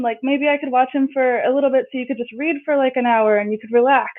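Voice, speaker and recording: A chatty woman with a high voice, telling a story and jumping up in pitch whenever she acts out what people said. She comes through a thin, tinny phone line, with the audio squeezed and narrow. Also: fairly even intonation, fairly quick. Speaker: guest. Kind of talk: casual storytelling.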